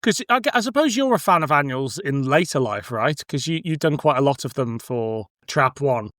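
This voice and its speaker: A man's voice: medium pitch, lively intonation, normal speed, a bit bright, dry recording, clean studio sound. A man hosting a podcast, chatting easily, laughing along with his guest. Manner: easygoing, laughing along, brief agreements. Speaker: podcast host. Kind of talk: casual chat.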